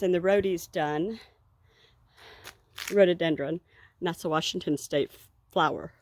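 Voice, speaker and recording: A woman's voice: on the low side, a little mellow, a little hiss or hum. A woman chatting casually in a vlog while walking outdoors through her garden, rambling and laughing now and then, a little out of breath. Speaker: vlogger.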